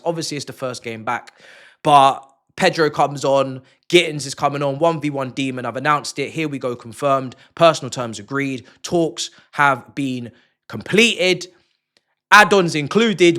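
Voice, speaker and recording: A young man giving an excited fan reaction to a football match, playful and full of repeated words for emphasis. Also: fairly high pitch. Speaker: football channel host.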